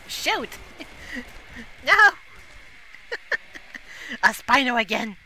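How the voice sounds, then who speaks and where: Excitable gamer with bright, lively voice. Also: female voice, a little high, drawn-out words, slight background noise. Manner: excitable, laughs often, frequent exclamations. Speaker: gaming YouTuber. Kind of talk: casual gameplay commentary.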